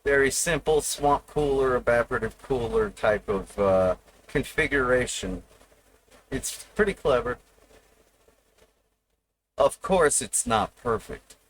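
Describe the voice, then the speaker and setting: A man's voice: medium pitch, big pitch swings, slow pace, vocal fry, long pauses, a bit bright, slight background noise, low-quality recording. A man streaming live, rambling and profane as he teases his viewers. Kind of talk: casual live stream chat.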